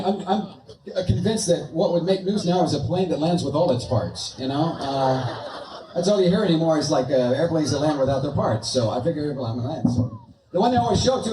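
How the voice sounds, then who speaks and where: An American male comedian doing a stand-up set, telling stories in a rambling way with restarts and asides. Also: a little high. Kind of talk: stand-up routine. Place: large venue, live audience. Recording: echoey hall, distant mic, crowd noise.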